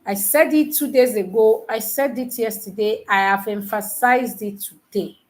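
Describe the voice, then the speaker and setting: A woman tutoring nurses in a live online lesson, teasing her students and quizzing them with repeated questions, counting aloud slowly. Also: a little high. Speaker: nursing exam tutor.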